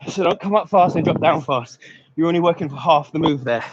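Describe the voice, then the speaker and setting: Out of breath, a man coaching a live workout counts down seconds and urges his group forward, slipping in short laughs. His voice is a little high and a little fast. Background noise is audible over dull, lo-fi stream audio.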